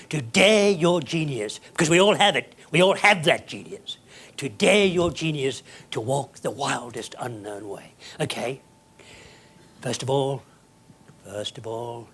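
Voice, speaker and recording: A man's voice: mid-range voice, fairly bright tone, slightly rough. A man giving a theatrical motivational keynote, emphatic and dropping at times to a whisper. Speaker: keynote speaker. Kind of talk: motivational speech.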